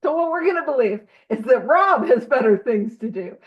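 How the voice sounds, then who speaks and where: A woman leading a recovery study over a video call, animated and self-teasing, asking question after question. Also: fairly high pitch, normal speed, dull audio.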